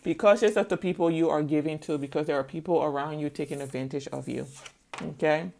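Blunt, low-voiced woman tarot reader. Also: fairly quick, creaky, darkish tone, slight background noise. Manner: blunt, preachy, peppered with "okay?". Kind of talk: casual spoken tarot reading.

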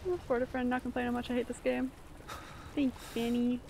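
A woman's voice: fairly high pitch, flat delivery, fast talker, creaky, a little mellow, slight background noise. A woman streaming a horror game live, jumpy and reacting aloud while she chats with viewers. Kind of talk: live gameplay commentary. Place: home room.

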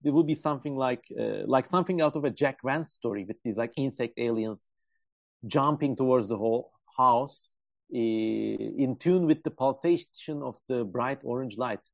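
A man's voice: medium pitch, normal speed, vocal fry, no echo. A man co-hosting a casual podcast, retelling a story animatedly with jokey asides and many fillers. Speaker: podcast co-host. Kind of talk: casual chat.

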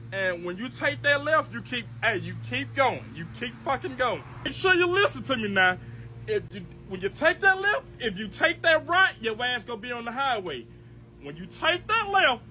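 A rambling guy repeating the same directions over and over in a quieter, lower voice than usual, played by a man. The tone is still high and bright overall. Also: a little hiss or hum, exaggerated voice.

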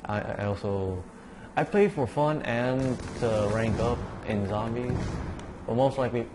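A man's voice: mid-range voice, unhurried, noisy background. A young man giving casual, rambling commentary over a zombie game. He mumbles under his breath, curses at the game and sounds sleepy. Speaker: gaming YouTuber.

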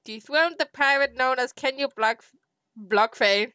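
A woman's voice: high-pitched, measured pace, pushed and bright, smooth, no echo. A woman giving gameplay commentary, talking to herself and to in-game animals, swinging into melodramatic mock outrage and fake sobbing. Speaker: streamer playing a survival game.

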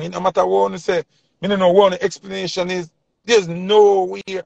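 A man's voice: high voice, level tone, normal speed, creaky, a little mellow, no room sound, lo-fi sound. A man with a Jamaican accent giving an impassioned opinion rant in heavy patois, preaching and repeating his points for emphasis. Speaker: commentator.

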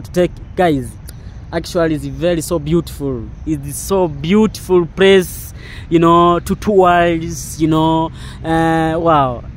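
Man, slightly high voice, gushing walking-tour vlogger. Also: a little hiss or hum. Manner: excited, repetitive exclamations; non-native English, broken grammar. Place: outdoors in a park.

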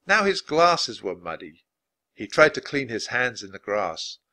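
A man reads a children's book aloud with a bright, clear tone. His delivery is lively and expressive, rising and falling widely and dropping low for plain narration. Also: a little slow. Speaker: storybook reader.

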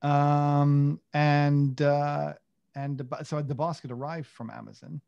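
A man's voice: fairly high pitch, little pitch movement, slow, vocal fry, darkish tone, clear, resonant tone, dull audio. A man co-hosting a podcast in casual chat, rambling and self-mocking, with many fillers and restarts. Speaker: podcast co-host.

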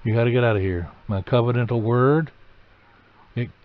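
A man's voice: medium pitch, normal speed, narrow, tinny audio, natural voice. A man voicing God as a stern father. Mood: firm. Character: God, stern but sorrowful father speaking to people.

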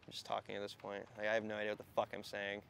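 A man, a skateboarder, rambling and cursing in candid outtakes, his voice hoarse and worn out, tired and short of breath, outdoors at a skate spot. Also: fairly low pitch, monotone, rapid-fire, a bit bright. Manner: rambling, heavy cursing, self-conscious. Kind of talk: candid outtakes while filming.

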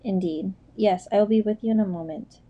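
A woman's voice: medium pitch, brisk, warm tone, muffled recording, lightly acted. A woman voicing an anxious, careful noble mother who speaks earnestly and firmly.

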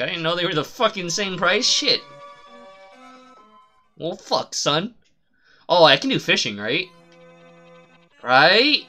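A man rambling through live gameplay commentary with a lot of swearing, his pitch bouncing up and down and now and then jumping into loud yelps. His tone is bright and sharp. Faint game music plays behind him. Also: big pitch swings, measured pace, long pauses. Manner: profane, rambling chatter with sudden loud outbursts at the game. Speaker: streamer.

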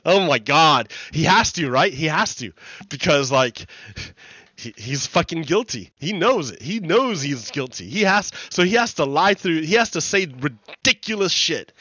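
A man's voice: fairly high pitch, very animated, unhurried, sharp tone, slightly rough, no echo, dull audio. A man hosting a let's play, laughing often and breaking into shrieking outbursts as he rants with incredulous swearing. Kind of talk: casual commentary over gameplay.

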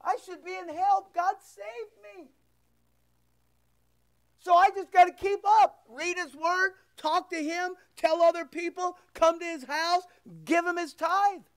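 A man's voice: very high-pitched, fairly even intonation, slow, a bit bright, dry recording, clean studio sound. A male pastor preaching a sermon and leading a closing prayer, impassioned and emphatic, repeating phrases for weight and quoting scripture.

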